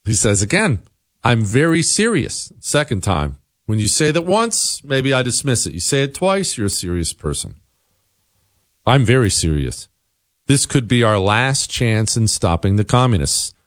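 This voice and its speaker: Animated wry male talk radio host. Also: mid-range voice, moderate pace, few pauses, no echo. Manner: animated, wry, sarcastic asides. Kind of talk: talk radio commentary, reading listener email aloud.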